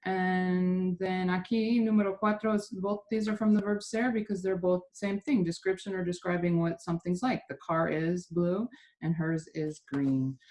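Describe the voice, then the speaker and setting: A woman with a slightly low voice teaches a language class over a video call. She explains the grammar patiently, repeats her points and corrects how her students pronounce words. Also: fairly even intonation, moderate pace, darkish tone. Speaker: Spanish teacher. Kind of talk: online class instruction.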